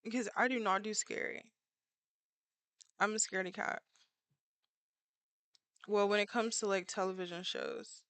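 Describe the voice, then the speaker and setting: A woman's voice: mid-range voice, steady tone, unhurried, long pauses, fairly bright tone, no echo. A woman artist chatting casually and playfully with her viewers while she draws, full of filler words. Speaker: artist streaming while drawing. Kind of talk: casual livestream chat with viewers.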